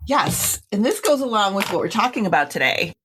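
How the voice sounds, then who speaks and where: A woman's voice: mid-range voice, big pitch swings, fairly quick, fairly bright tone, slight background noise. A woman co-hosting a podcast, reading listener letters aloud and chatting with enthusiasm. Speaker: podcast co-host. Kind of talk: casual podcast chat, reading listener mail.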